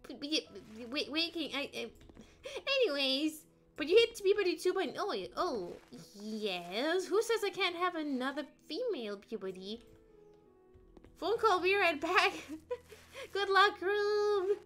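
A woman's voice: high voice, sing-song, unhurried, a bit bright, faint music behind. A woman streamer chatting playfully and rambling as she plays, often singing little ditties to herself. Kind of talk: casual gameplay chat.

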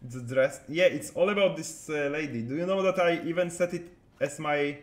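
Playing cards on stream, the man speaks at a moderate pace in a voice on the high side. His gameplay commentary stays loose and chatty as he responds to viewers, and the recording has a roomy echo.

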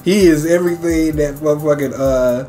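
A man hosting a manga chapter reaction, reading panels aloud with excitable, profane commentary and frequent laughter. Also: on the high side, moderate pace, soft background music.

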